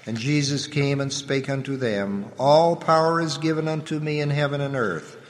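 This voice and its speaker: A man giving a solemn, measured scripture reading, letting his voice drop at the ends of phrases. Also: medium pitch. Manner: measured, reverent delivery with the voice dropping at phrase ends. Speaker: scripture reader. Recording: long hall reverb.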